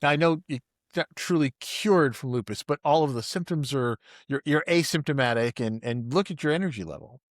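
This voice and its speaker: A man's voice: a little high, fairly quick, no echo, clean studio sound. A man hosting a podcast interview, who laughs often and repeats words as he talks. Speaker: podcast host. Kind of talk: casual interview.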